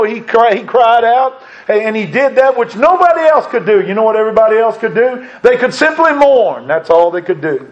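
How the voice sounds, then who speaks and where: Fervent preaching man, muffled recording. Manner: fervent preaching, swelling louder and higher on key lines. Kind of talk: sermon.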